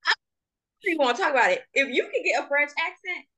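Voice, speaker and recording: A woman's voice: sits high, fast talker. A young woman from Jamaica co-hosting a podcast, chatting casually and animatedly, often laughing as she talks. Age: young adult. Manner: animated, laughs while talking. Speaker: podcast co-host. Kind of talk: casual chat.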